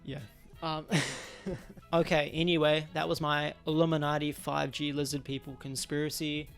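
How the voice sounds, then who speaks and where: Young male host, blunt and slangy, gravelly tone. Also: a little high, a little slow, a bit bright, faint music behind. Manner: blunt and slangy, laughs at his own jokes. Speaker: podcast host. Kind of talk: casual opinion rant.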